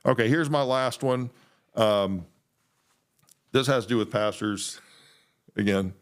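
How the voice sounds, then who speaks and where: A middle-aged man, a former pastor, hosting a solo podcast and giving blunt, animated opinions. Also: on the low side, slow pace, smooth. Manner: blunt, animated, mimics others' voices.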